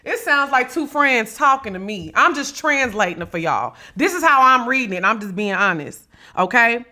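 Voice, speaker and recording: Sassy bright-voiced woman podcast host. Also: on the high side, sing-song, moderate pace. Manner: sassy, blunt, swears freely, dramatic. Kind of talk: casual gossip commentary.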